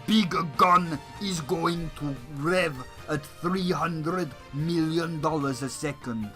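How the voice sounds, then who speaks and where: A man imitating a hulking, slow-witted male soldier, speaking slowly and heavily. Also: a little high, a bit bright, soft background music. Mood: boasting.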